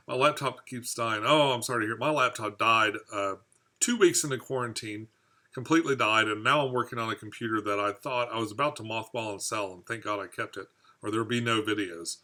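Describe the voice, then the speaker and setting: A fishkeeping channel host with a fairly low, sharp-toned voice speaks fairly quickly during a live stream. Reading viewer comments aloud, he wanders chattily from topic to topic and laughs at his own humor.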